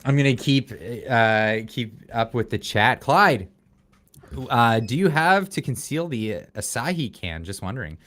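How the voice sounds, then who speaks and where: A man's voice: medium pitch, lively intonation, a little slow, fairly bright tone. A Canadian man with a mild accent, chatting casually on a livestream and reading viewer comments aloud. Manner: rambling, restarts, reads chat aloud. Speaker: livestream guest, political YouTuber.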